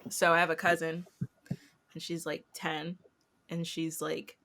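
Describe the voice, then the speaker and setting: A young woman co-hosting a casual podcast, telling a funny family story and acting out the quotes in a high, animated voice. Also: measured pace, slight background noise. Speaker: podcast co-host.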